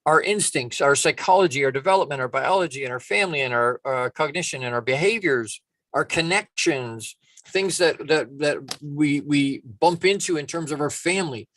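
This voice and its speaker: A man giving a casual motivational talk, animated and storytelling, acting out little quoted voices. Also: a little high, normal speed, no room sound. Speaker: motivational speaker.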